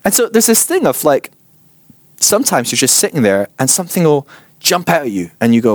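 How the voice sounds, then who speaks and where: A man giving an informal church teaching, chatty and animated, acting out voices in his stories. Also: a little high, brisk, dry recording. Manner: chatty, animated, acts out quotes.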